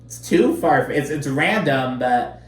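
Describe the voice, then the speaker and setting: A man's voice: mid-range voice, expressive, takes it slowly. A man casually recapping a reality show, chatty and sarcastic, full of fillers and swearing. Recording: roomy echo, slightly distant mic, faint background noise.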